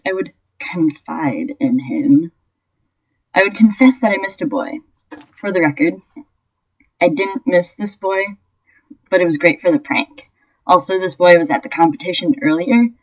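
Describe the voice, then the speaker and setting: A young woman reading aloud a story she wrote, telling it in a lively way with bursts of laughter. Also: lowish voice. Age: young adult. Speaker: vlogger. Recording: dull lo-fi webcam audio.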